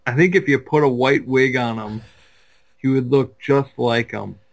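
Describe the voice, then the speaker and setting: A man's voice: mid-range voice, unhurried, creaky. A man co-hosting a casual podcast chat, talking in a laid-back, easygoing way. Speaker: podcast co-host.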